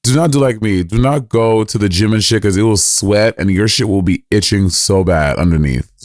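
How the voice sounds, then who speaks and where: A man's voice: lowish voice, moderate pace, darkish tone, no room sound, clean studio sound. A man co-hosting a podcast in a sassy, teasing casual chat. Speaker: podcast co-host.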